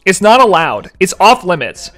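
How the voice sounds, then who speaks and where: A man's voice: high-pitched, very animated, normal speed, a bit bright, soft background music. A young man chatting casually on a live stream, reading chat aloud and answering in mock annoyance, laughing between lines.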